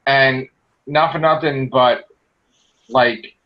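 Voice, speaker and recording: A man co-hosting a podcast in casual chat, animated and joking, slipping into quoted voices. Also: mid-range voice, slow, highs cut off. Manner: animated, mimics people in quotes, self-described corny joker. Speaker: podcast co-host.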